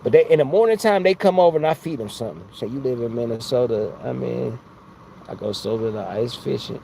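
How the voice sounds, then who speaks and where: A man's voice: mid-range voice, animated, fairly quick, gravelly, mellow, slight background noise. A man hosting a casual live stream from outside his home, talking into a phone in a rambling, slangy way and laughing often. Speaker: livestream host.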